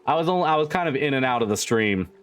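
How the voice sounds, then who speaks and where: A man's voice: mid-range voice, expressive, quick pace, fairly bright tone, clean tone, soft background music. A man streamer chatting casually with his viewers, swearing freely and laughing often. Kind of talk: casual chat with livestream viewers.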